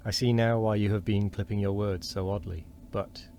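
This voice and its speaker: A man with a very deep voice reading the lines of a wheezy, doubting old man who grumbles and pleads by turns. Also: steady tone, normal speed, dark tone, a little hiss or hum, natural voice. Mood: scoffing.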